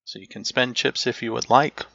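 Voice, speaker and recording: A man runs a tabletop game as game master, pausing now and then to search aloud for the right word. His voice is gravelly but bright, and he speaks slowly. The recording sounds dry and slightly dull, like a lo-fi mic. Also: medium pitch, fairly even intonation, no room sound. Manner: unhurried, searches for words aloud.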